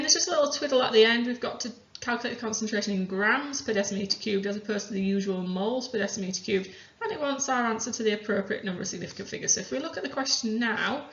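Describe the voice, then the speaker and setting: A woman chemistry teacher calmly talking through worked examples step by step. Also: fairly high pitch, slight background noise. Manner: methodical, talks through each step aloud. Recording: roomy, dull lo-fi sound.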